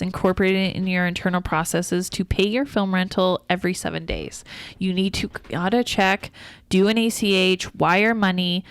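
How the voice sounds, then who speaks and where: A woman's voice: mid-range voice, clean tone, no room sound. A woman co-hosting a podcast, talking casually and explaining the business side at length, with fillers and restarts. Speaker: podcast co-host.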